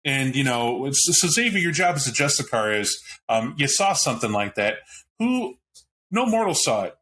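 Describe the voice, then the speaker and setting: A man's voice: mid-range voice, very animated, normal speed, a bit bright, a little hiss or hum. A man on a podcast panel, talking animatedly about a tabletop game with frequent restarts and asides. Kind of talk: casual roundtable chat about a tabletop game.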